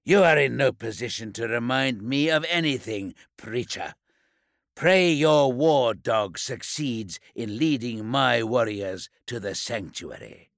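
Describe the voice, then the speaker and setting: A man voicing a cruel, commanding male warlord with a rasping voice, barking orders in an audiobook reading. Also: mid-range voice, animated, takes it slowly, fairly bright tone, no room sound, clean studio sound, exaggerated voice. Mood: scornful.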